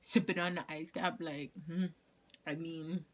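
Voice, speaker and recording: A woman's voice: low-pitched, measured pace. A young woman telling a casual storytime vlog, acting out quoted lines with whispers and laughter. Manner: animated, acts out quotes, frequent laughs and whispers. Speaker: vlogger.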